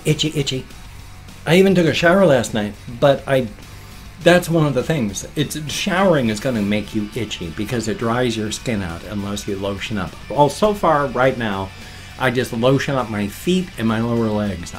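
A man in his fifties chatting casually in his vlog, rambling and easily sidetracked. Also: mid-range voice. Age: 50s. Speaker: vlogger. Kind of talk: casual chat.

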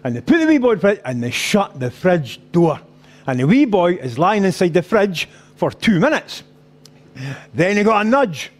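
A middle-aged Scottish comedian, speaking at a moderate pace in a high voice with big pitch swings, performs a live stand-up set in a rugby club function room. He tells boisterous, sweary stories and slips into character voices.

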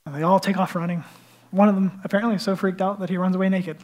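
A male pastor delivering a sermon in a lively, storytelling manner. He speaks conversationally, letting his voice drop low and rise loud as the story moves. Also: fast. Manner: animated storytelling, swinging between hushed and loud.

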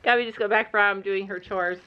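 A woman's voice: medium pitch, steady tone, a little fast, dull audio, slight background noise. A middle-aged woman chatting casually in a family vlog, telling funny stories and laughing often. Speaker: vlogger, mother of the family. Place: family home and horse barn.

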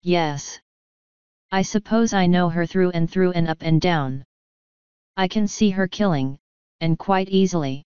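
A nervous young man from an audiobook , read by a woman fumbles and restarts his words. The voice is low and smooth. The recording is dry and slightly muffled. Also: a little mellow, no room sound, close to an everyday voice. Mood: blunt. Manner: hesitant, halting. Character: anxious young male actor, hesitant.

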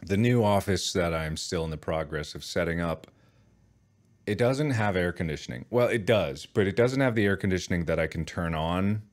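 A man with a very deep, low voice co-hosts a casual podcast, trading playful jokes with his friends. He speaks from a home office over a voice-call mic. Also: lively intonation, moderate pace. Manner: playful, jokey banter. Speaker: podcast co-host. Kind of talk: casual chat. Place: home office, unfinished and loud.

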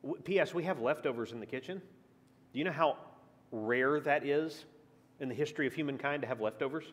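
A man's voice: mid-range voice, brisk, in a large hall. A man teaching a church class in a conversational way, asking the group questions and shifting his emphasis often. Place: church meeting room.

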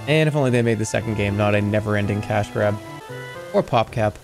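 Over music, a man with a lowish voice and some vocal fry speaks briskly. He's livestreaming a game and rambling with his viewers in a jokey manner, now and then putting on silly voices.

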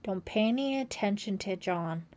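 A woman's voice: mid-range voice, lively intonation, normal speed, darkish tone, close to an everyday voice. A woman voicing a tearful fifteen-year-old girl camper in an audiobook, emotional and pleading.

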